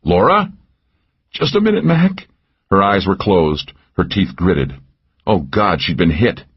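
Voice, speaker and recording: Deep husky male audiobook narrator. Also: dull audio. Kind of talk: first-person thriller narration.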